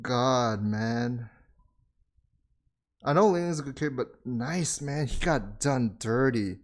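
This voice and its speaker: A man's voice: medium pitch, animated, slow pace. A man hosting an anime reaction, giving casual commentary full of exclamations, laughter and swearing, and talking straight to his viewers. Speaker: anime reaction channel host.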